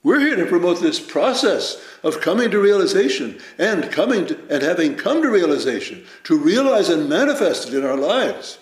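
A man giving a Zen dharma talk as teacher, measured and reflective, telling stories with lively emphasis. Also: sits high. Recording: roomy echo.

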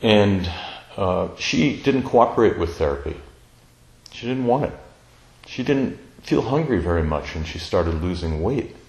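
A man telling a personal family story in a slow, tender, reflective way, pausing often. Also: deep voice, lively intonation, creaky, a little mellow, roomy sound, rough recording. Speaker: speaker sharing a personal story.

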